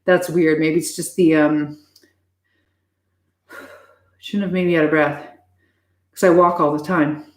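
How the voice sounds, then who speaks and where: A woman's voice: low voice, fairly even intonation, takes it slowly, pauses often, reverberant. A woman host chatting casually on a livestream, out of breath, swearing freely and restarting her sentences.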